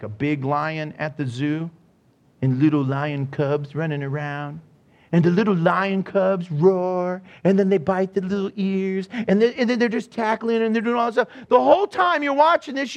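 A high-pitched man preaching a fervent sermon. He drops to near-whispers, then surges into shouted emphasis and acts out little voices along the way. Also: animated, moderate pace. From United States. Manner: dramatic, acts out voices, swings from soft to shouting. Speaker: pastor.

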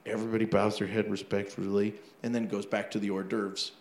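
A man's voice: lowish voice, flat delivery, fairly quick, echoey room. A man preaching a sermon as pastor, telling stories animatedly with laughs and acted-out asides.

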